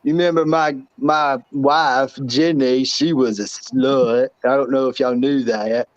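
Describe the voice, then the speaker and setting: A man voicing a slow, simple-minded grown man with a drawling delivery, heard over a phone call. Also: mid-range voice, fairly even intonation, dry recording, pitched below the performer's own voice, close to an everyday voice. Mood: deadpan. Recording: dull phone line.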